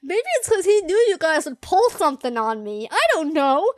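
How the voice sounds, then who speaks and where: Lively young woman reading a game. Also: high voice, moderate pace, no room sound. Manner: animated, joking, talks back to the characters. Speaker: gaming channel host. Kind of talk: reading a game aloud with live commentary.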